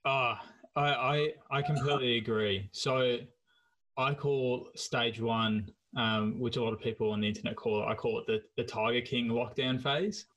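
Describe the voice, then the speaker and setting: An Australian man of middle pitch hosts a podcast in a relaxed, offhand way. He talks conversationally and swears now and then. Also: normal speed, muffled recording. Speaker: podcast host.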